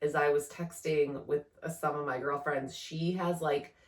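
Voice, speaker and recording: A woman co-hosting a podcast, chatting casually and telling family stories with animated acted-out quotes. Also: low voice, normal speed, far from the mic. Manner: animated storytelling, acts out kids' voices. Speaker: podcast co-host. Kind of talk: casual chat. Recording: roomy, off-mic sound.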